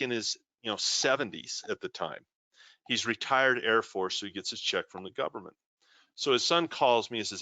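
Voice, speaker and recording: A man's voice: lowish voice, bright, forceful tone, no echo. A man hosting a live trading show, reading out viewer comments and telling stories in a chatty way. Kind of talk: live-streamed trading talk.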